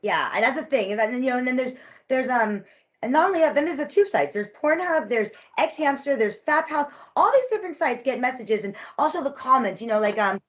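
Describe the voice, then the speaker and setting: A woman guest in a casual podcast chat, telling rambling stories at a quick clip. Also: high voice, expressive. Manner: fast, rambling storyteller. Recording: dull lo-fi audio.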